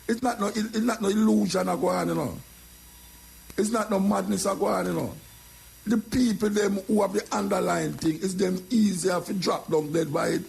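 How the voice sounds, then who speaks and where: Older jamaican guy, bit high voice, gravelly, just chatting away in patois. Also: a little mellow. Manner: patois storytelling, repeats phrases. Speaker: radio talk host. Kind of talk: casual monologue.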